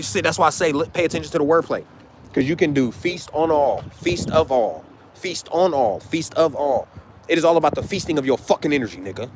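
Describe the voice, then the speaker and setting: A man's voice: a little high, background noise. A man, lecturing in a profane, rambling way, full of rhetorical questions. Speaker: online commentator. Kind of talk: casual monologue to camera.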